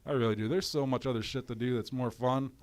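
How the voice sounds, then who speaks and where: A man's voice: medium pitch, fairly even intonation, fast talker. A man with a runny nose, ranting on a livestream in a profane, exasperated way. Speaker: livestream commentator. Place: home in cold weather.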